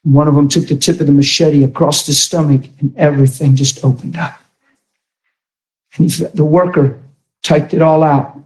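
A man preaching a sermon with passion, often shouting and repeating himself. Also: a little high.

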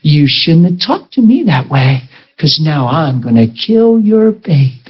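A man voicing a sinister demon that speaks slowly and with menace. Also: fairly high pitch, big pitch swings, muffled recording. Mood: menacing. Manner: slow and menacing.

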